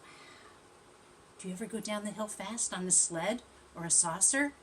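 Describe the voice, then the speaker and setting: A woman teacher reading a storybook aloud to young children, gently chatty and asking them questions as she goes. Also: medium pitch, normal speed, a little hiss or hum.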